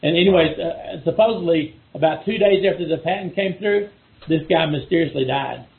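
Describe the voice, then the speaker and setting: A man's voice: fairly high pitch, a little fast, gravelly. Rambling Texan man on a call line. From Texas. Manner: rambling, many restarts and repeated words. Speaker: guest. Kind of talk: casual chat over a call. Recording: phone-like call audio.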